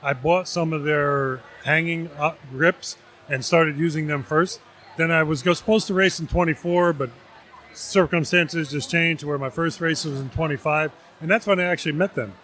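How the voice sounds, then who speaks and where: Man from New Jersey, slightly high voice, measured vendor pitch. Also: fairly even intonation, fairly bright tone. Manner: measured, explanatory. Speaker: vendor representative. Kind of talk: casual interview.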